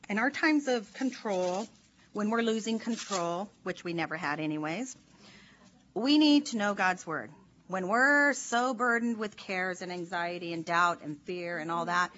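A woman's voice: medium pitch, fairly bright tone. Earnest chatty woman teaching scripture. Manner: earnest, chatty, with many fillers. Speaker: Bible study leader. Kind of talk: informal devotional teaching. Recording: slightly dull recording with faint noise.

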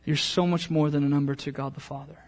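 A pastor preaching a sermon, mixing a casual, joking story with a softer, earnest appeal to the congregation. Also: male voice, a little high, fairly even intonation, fast.

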